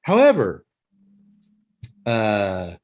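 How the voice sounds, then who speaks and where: A man's voice: fairly low pitch, wildly swooping pitch, drawn-out words. A man hosting a casual podcast chat, rambling and opinionated with frequent restarts. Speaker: podcast host.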